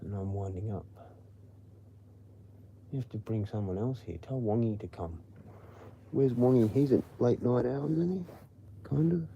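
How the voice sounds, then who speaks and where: A man's voice: mid-range voice, animated, a little slow, gravelly, long pauses, highs cut off, a little hiss or hum. A man with an Australian accent, ranting casually and profanely on a late-night livestream. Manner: profane, rambling. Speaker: livestream host.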